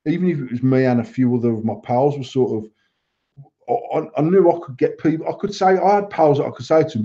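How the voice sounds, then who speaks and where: Sweary man, dark dull sound. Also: medium pitch, fast talker. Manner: sweary, blunt, rambling, acts out quotes. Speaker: podcast co-host, vape shop owner. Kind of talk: casual banter.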